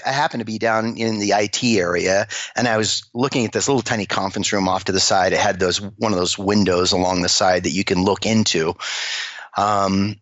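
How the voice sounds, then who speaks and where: In storytelling interview talk, a man who runs a company recounts workplace stories, bringing every quoted line to life. He speaks in a lowish voice, and the lo-fi recording is dull and dry with no room sound.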